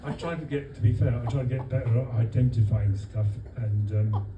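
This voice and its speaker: A man from London giving a humorous birthday speech for his wife to friends at a restaurant, with dry comic timing and many pauses. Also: medium pitch, narrow, tinny audio, noisy background. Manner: deadpan comic timing, halting with fillers. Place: restaurant dining room with guests. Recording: echoey room, voice from far off. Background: guests laughing.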